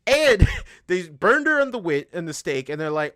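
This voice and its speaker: A man's voice: high voice, moderate pace, no echo, clean studio sound. A man co-hosting a podcast, casually retelling a show's plot with lots of swearing and laughter. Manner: profane, animated retelling with laughs. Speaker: podcast co-host. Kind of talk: casual chat.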